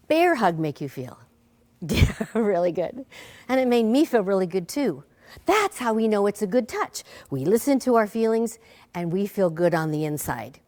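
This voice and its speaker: A woman teaching a preschool lesson, talking gently to a bear puppet and young children. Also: medium pitch, very animated, moderate pace.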